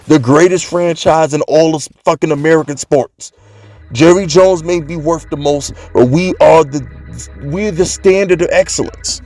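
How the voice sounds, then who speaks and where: Brash trash-talking New fan. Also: male voice, a little high, darkish tone. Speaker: sports fan channel host. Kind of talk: casual fan rant.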